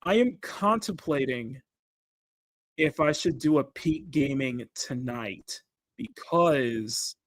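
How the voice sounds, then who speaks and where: A man's voice: mid-range voice, expressive, slow, dry recording. A man hosting a casual livestream while he draws, rambling and restarting his sentences, with frequent laughter. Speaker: livestream host.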